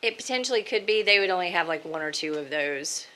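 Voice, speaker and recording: Low-voiced woman answering at a hearing. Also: expressive, quick pace, sharp tone, a little hiss or hum. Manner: casual, hesitant with fillers. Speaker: applicant's witness.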